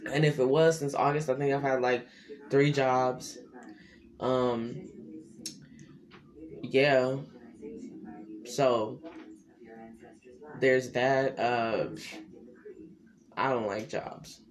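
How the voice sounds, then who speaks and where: A man's voice: steady tone, extremely slow, pauses often. A young man hosting his own podcast, chatting loosely and rambling in slangy casual talk. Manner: rambling, loose and slangy, with sudden pitch jumps. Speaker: podcast host. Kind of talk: casual solo podcast chat.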